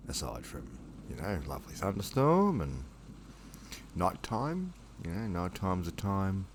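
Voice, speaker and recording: A man hosting his own channel, talking calmly and unhurriedly in a relaxed late-night monologue at home before reading his poetry. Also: low voice. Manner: calm, unhurried, rambling.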